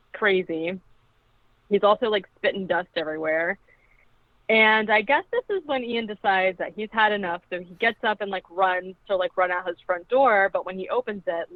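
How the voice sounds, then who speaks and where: A woman's voice: mid-range voice, dry recording. Chatty woman on a tinny phone line. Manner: chatty, peppered with "like", acts out quoted lines. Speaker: podcast co-host. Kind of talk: casual film recap.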